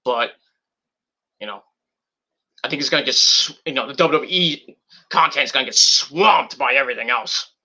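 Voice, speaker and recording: In a mid-range voice with a breathy edge, a podcast host in his thirties speaks at a moderate pace and pauses often. He chats casually but rambles, swears, restarts frequently, and sometimes shouts.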